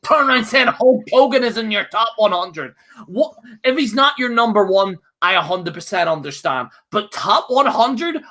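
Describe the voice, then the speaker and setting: A man's voice: high voice, expressive, moderate pace, pushed and bright. A man co-hosting a podcast, ranting with fiery, profane outbursts broken up by laughter. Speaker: co-host. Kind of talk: heated podcast rant.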